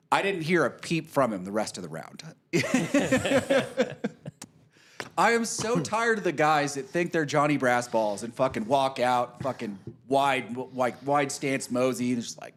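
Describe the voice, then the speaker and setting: Talking a little slowly in a mid-range voice, this man spins a long, casual golf story. He's animated and profane, cursing freely and acting out the quotes of the people involved.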